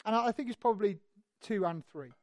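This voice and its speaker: A preacher giving a sermon, telling the story in an animated, conversational way with lively asides. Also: medium pitch, fast talker, no echo.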